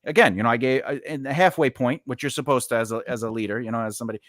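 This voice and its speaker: A man in casual live-stream chat, telling a story in an animated way. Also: medium pitch, very fast, dry recording, clean studio sound.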